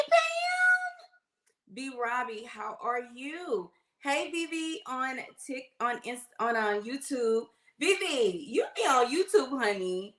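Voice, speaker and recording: A woman's voice: a little high, reverberant. A middle-aged woman, a nurse chatting casually on a phone livestream and greeting viewers by name. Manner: chatty, warm greetings, uses y'all.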